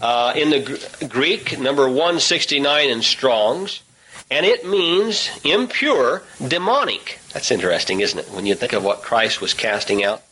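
A man leading a Bible study, reading scripture aloud and asking his listeners rhetorical questions in a hurried delivery. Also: medium pitch, lively intonation, pushed and bright, slight background noise, rough recording. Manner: hurried, says he must talk rapidly. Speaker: Bible teacher.

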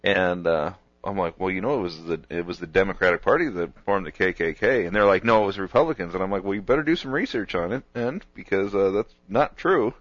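A man hosting a casual talk show, telling an animated story and laughing along as he goes. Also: deep voice, brisk, few pauses, dry recording, lo-fi sound.

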